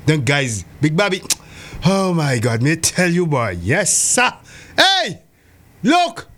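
A man's voice: on the high side, animated, a little slow, a bit bright. A man calling in to a radio show, talking in a repetitive, sing-song patois.

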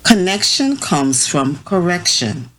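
A woman hosting a talk on parenting, reading prepared remarks in a measured way and sometimes correcting herself. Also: lowish voice, big pitch swings, a bit bright, rough recording. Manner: slow, measured, with self-corrections. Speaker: host.

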